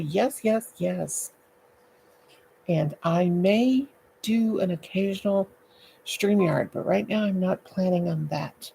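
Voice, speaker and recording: With a gravelly, mellow, medium-pitched voice at a measured pace, an older woman chats goofily with viewers on a late-night home livestream, calling out their names into her laptop. The recording is rough, with slight background noise.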